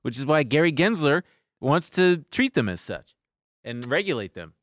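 A man co-hosting a casual podcast, telling animated stories and mimicking voices. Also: a little high, normal speed, no room sound, studio quality. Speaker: podcast co-host. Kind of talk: casual chat.

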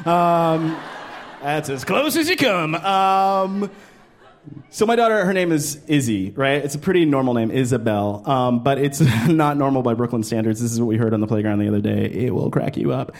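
A man in his thirties performing a stand-up comedy set on a club stage into a handheld mic, animated and jumping into character voices. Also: normal speed. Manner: animated, jumps into high-pitched character voices.

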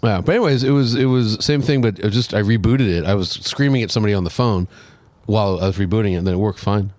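A man co-hosting a casual talk show, chatting in a relaxed, wry way. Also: fairly low pitch, quick pace, no echo. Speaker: podcast co-host. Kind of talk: casual chat.

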